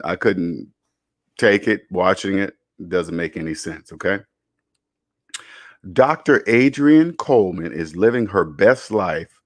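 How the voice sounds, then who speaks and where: A man's voice: fairly low pitch, dry recording, clean studio sound. A man hosting a live personal finance stream, talking bluntly and preachily, repeating points and tagging lines with "okay?". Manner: repeats himself for emphasis. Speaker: personal finance show host.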